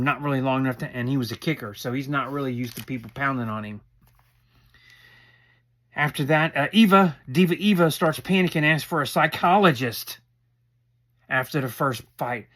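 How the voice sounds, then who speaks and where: A middle-aged man talks through a reality show episode in a loose, rambling way. He is opinionated and slips into quoted lines as he acts out the people he describes. His voice sits at an ordinary pitch. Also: fairly bright tone. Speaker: recap commentator. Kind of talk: casual show recap commentary.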